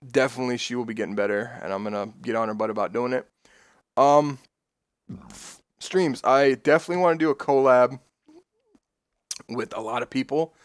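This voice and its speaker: A man chatting casually on his stream, rambling and swearing freely, getting excitable as he tells stories. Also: medium pitch, smooth, no echo, clean studio sound.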